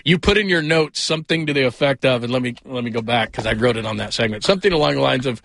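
Man, radio sports host, bright tone, slightly high voice, dry studio sound, rambling, self-deprecating. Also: quick pace, creaky, dry recording. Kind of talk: casual sports talk radio.

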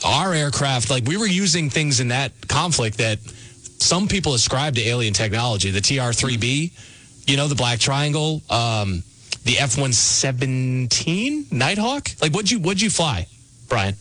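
Guy hosting call-in radio, bright punchy voice, dead dry studio sound. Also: mid-range voice, moderate pace, dry recording, low-quality recording. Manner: excitable, chatty, reads out phone number. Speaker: radio sports talk host. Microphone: studio microphone.

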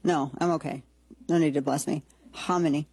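A woman hosts a political talk show with a slightly husky voice, recorded dry and close to the mic. She talks in a sarcastic, blunt, joking way and often restarts her sentences as she thinks aloud. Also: low-pitched, fairly even intonation, moderate pace, a little mellow, no echo. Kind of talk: opinionated political commentary.

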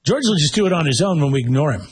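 A man's voice: a little high, expressive, racing, breathy edge. A man co-hosting a casual chat, joking and giving blunt opinions. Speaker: podcast co-host.

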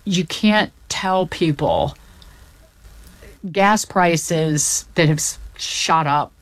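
A woman's voice: sits low, drawn-out words, no room sound. A woman from the Southern United States explaining the economy in casual chat, packed with figures, often restarting mid-sentence. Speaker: economics commentator.

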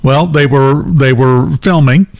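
A man's voice: medium pitch, measured pace, gravelly, darkish tone. A man hosting a morning talk show, telling a long personal anecdote in a casual, chatty way with many fillers and restarts. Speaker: radio show host.

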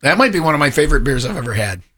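A male host with a bright, forceful tone chats casually and tells stories in an animated, talkative way. He jumps in often and keeps the talk moving. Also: mid-range voice, rapid-fire, slightly rough. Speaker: show host. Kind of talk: casual chat.

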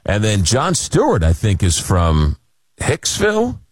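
A man hosts a late-night call-in radio show. His low voice swings widely in pitch as he rambles through animated, self-deprecating stories. The sound is dry and close. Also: unhurried, no room sound. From Long Island, New York. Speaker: radio talk show host. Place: radio studio.

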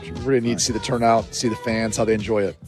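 A man's voice: on the low side, level tone, racing, soft background music. Dryly exasperated male radio co-host. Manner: exasperated, dry ribbing of his partner. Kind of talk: casual sports radio banter. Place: radio studio. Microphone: studio microphone.

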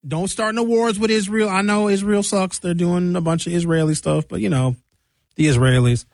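A man's voice: high-pitched, steady tone, moderate pace, vocal fry, a little mellow, no room sound, studio quality, pitched above the performer's own voice. A man putting on a laid-back male supreme leader who tells everyone to relax in a casual, soothing way.

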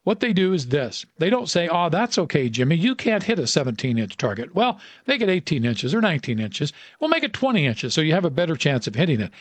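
Man playing an old baseball coach, bellowing, emphatic, slightly high voice, dry sound. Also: sing-song, a little fast, few pauses, no room sound. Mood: booming. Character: old male baseball coach, booming lecturer.

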